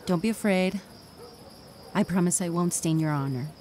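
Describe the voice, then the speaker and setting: Stern village doctor, a woman playing her, dark mellow voice, dubbed drama. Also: lowish voice, normal speed, slight background noise, natural voice. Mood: flirtatious. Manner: stern and lecturing, then coaxing. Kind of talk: dubbed film acting.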